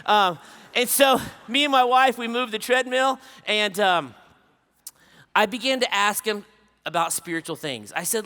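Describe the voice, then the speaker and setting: A man preaching to a conference crowd, telling stories in an animated way, acting out dialogue and dropping to a hush for somber moments. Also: sits high, moderate pace, smooth. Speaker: conference speaker. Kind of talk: storytelling sermon. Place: large conference stage.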